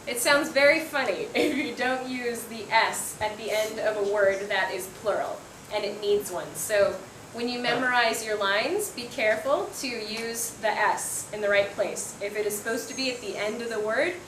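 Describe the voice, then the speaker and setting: A woman English teacher gives feedback to her class in an encouraging way, slipping in ums and small laughs. Her voice sits a little high. The room is echoey, with a faint background hum. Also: fairly bright tone.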